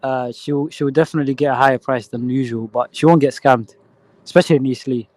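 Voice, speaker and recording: A man's voice: medium pitch, fairly even intonation, a little fast, a little mellow, no room sound. A man from Kenya joining a casual chat, teasing and emphatic.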